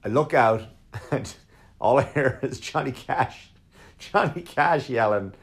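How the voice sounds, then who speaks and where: A male comedian spinning a loose, swear-heavy anecdote at an easy middle pitch. His delivery wanders and circles back, and he drops into short impressions of the people he meets along the way. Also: expressive, moderate pace. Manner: profane, rambling, mimics others in quotes. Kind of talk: casual storytelling.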